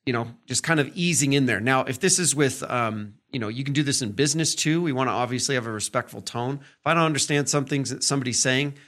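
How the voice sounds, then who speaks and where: A man hosting a podcast, giving a casual teaching talk on respect, with lots of fillers and "right?" check-ins and quick acted-out examples of tone. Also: medium pitch, fairly bright tone. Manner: acts out tones in short quoted examples. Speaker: podcast host.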